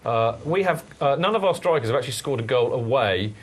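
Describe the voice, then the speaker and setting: A man's voice: medium pitch, brisk, husky. A man hosting a football fan podcast, chatting and joking with a panel. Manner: animated, jokey, leads the talk. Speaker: podcast host. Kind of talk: casual football chat.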